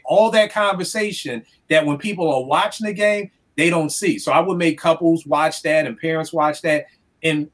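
A man from the DC area, a youth counselor telling stories in a casual podcast chat, acting out what people said and swearing freely. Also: a little high. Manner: animated storyteller acting out quotes, swears freely. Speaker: youth counselor and music producer.

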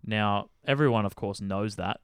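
A man co-hosts a casual sports podcast, and his voice comes through smooth and clear. He jokes, swears now and then and laughs easily. The sound is dry and close to the mic. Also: lowish voice, moderate pace, no room sound. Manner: jokey, swears, laughs a lot. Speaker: podcast co-host. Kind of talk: casual chat.

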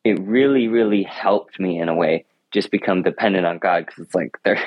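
A man's voice: deep voice, moderate pace, dry recording. A teenage boy answering interview questions, earnest and reflective, often restarting his sentences. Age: teens. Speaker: high school runner, interview guest. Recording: dull lo-fi sound.

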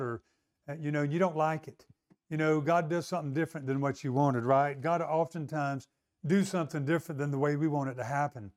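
A man's voice: a little high, darkish tone. A male pastor preaching a sermon in a conversational way, often asking the congregation to agree.

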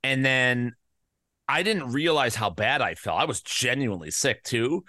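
A male podcast host with a bright, forceful voice, recorded close and dry with no room sound. He rambles loosely and throws in crude jokes, and his voice sounds slightly worn from an illness he is getting over. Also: medium pitch, lively intonation, unhurried, dry recording. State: recovering from covid, voice slightly worn. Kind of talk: casual podcast chat.

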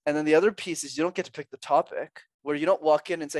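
A man's voice: a little high, very fast, hardly any pauses, a little mellow, dry recording. A young man from Montreal, a public speaking coach, chatting upbeat in a podcast interview and laughing often. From Montreal, Canada. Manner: upbeat, laughs often, acts out quoted voices.

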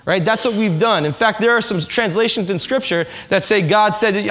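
Man, high voice, pastor, conversational sermon, church congregation, acts out quotes. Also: animated, moderate pace, hardly any pauses, a bit bright. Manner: conversational, asks the congregation questions.

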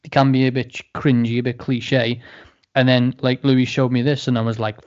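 Man, relaxed podcast co-host, joking, slightly dull sound. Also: medium pitch, moderate pace. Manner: laid-back, joking, swears casually. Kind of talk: casual chat. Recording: slightly dull, muffled audio.

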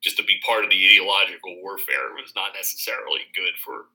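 Very bright, lower-pitched man, rambling. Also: lively intonation, quick pace, rough recording. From Pennsylvania. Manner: rambling, frequent restarts, laughs often. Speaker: podcast guest, college faculty member. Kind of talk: casual conversation.

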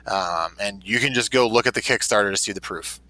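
A man's voice: lowish voice, fairly quick, sharp tone, no echo, poor audio. A man co-hosting a casual podcast, making his point earnestly with restarts. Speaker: podcast co-host. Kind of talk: casual chat.

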